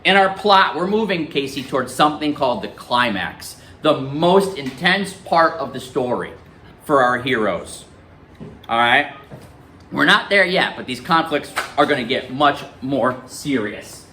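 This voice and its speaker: A man's voice: medium pitch, unhurried, a little hiss or hum. A male teacher reading a novel aloud in a classroom and quizzing his students. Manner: lively, questioning students.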